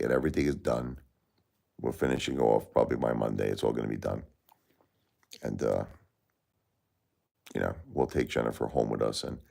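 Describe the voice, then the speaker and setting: A man's voice: a bass voice, creaky, darkish tone. A middle-aged man hosting a livestream, talking to his chat about his grief, turning heated and indignant when angry. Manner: grieving, talks straight to chat viewers. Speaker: livestream host. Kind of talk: emotional livestream talk to chat.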